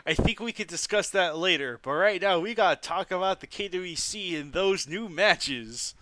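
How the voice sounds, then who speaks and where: A man's voice: high voice, animated, moderate pace, a bit bright, no room sound. A man reading his part in a fan script with an upbeat, chatty delivery. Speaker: co-reader.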